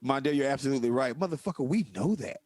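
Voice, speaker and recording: A man's voice: medium pitch, racing, no echo. A man in casual political chat, telling stories emphatically. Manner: animated storytelling, profane, emphatic. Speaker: podcast co-host.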